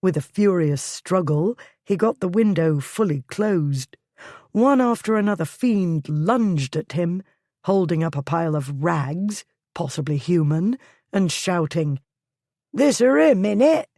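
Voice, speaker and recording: A woman narrating a historical romance audiobook in a steady, measured reading. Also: fairly low pitch, no echo, studio quality. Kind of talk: scripted narration.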